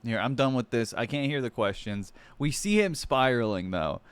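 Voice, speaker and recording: A young man streaming and reacting to clips, swearing and making sarcastic jokes at his chat. His voice sits at a middle pitch and sounds close and dry. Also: expressive, moderate pace, clear, resonant tone, no room sound. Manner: profane, sarcastic, talks to chat. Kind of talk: casual live-stream commentary.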